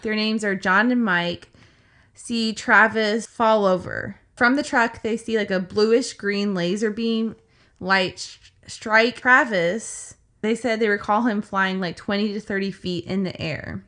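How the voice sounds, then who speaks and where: A woman's voice: mid-range voice, a little slow, fairly bright tone. A woman co-hosting a podcast, retelling a story in a chatty, casual way with lots of "like" fillers. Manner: chatty, filler-heavy retelling with acted quotes. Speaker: podcast co-host.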